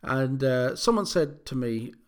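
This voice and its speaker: A man hosts his own podcast alone, chatting casually at a middle pitch. He rambles, restarts his sentences and fills the gaps with ums, often poking fun at himself. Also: animated, a little slow. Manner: rambling, self-deprecating, many fillers and restarts. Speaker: podcast host. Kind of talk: casual solo podcast monologue.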